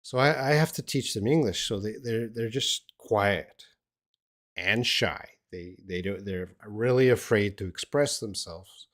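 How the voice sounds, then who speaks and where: An older man with an Australian accent, an English teacher casually answering viewers' questions in a live stream lesson, with relaxed, rambling speech full of fillers and restarts. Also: fairly low pitch, a little slow.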